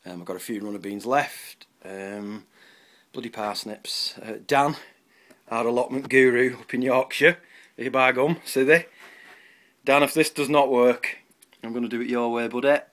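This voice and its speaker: A man's voice: medium pitch, fairly even intonation, moderate pace, fairly bright tone, no room sound. Chatty man on allotment tour. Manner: chatty, rambling, self-mocking. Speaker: allotment vlogger. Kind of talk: casual garden tour. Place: outdoor allotment.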